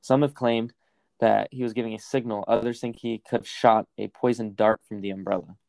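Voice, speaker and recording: A man's voice: lowish voice, fairly even intonation, brisk, vocal fry, warm tone, dry recording. A young man co-hosting a casual podcast, reading facts aloud and rambling into stories, with lots of swearing. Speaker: podcast co-host.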